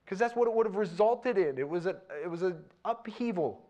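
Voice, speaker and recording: Conversational male preacher, fairly high voice. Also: fairly quick. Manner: conversational, grows animated and loud when retelling scenes. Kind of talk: sermon.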